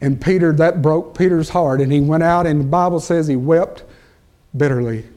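A man preaching a sermon, slow and emphatic, with long pauses and rising peaks of intensity. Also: on the high side, warm tone.

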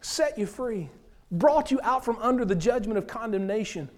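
A man's voice: high-pitched, lively intonation, normal speed. A man preaching voices a king sternly rebuking an unforgiving servant.

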